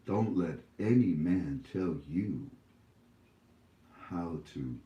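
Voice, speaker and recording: A man's voice: low voice, animated, drawn-out words, echoey room, highs cut off. A man hosting his own YouTube channel, talking casually to viewers from home in a scolding, preachy way, rambling with many fillers.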